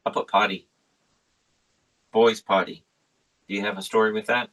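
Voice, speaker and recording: A man's voice: lowish voice, little pitch movement, moderate pace, fairly bright tone, rough recording. A man hosting a podcast, chatting casually and easygoing as he works through his list of topics. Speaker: podcast host. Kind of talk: casual chat.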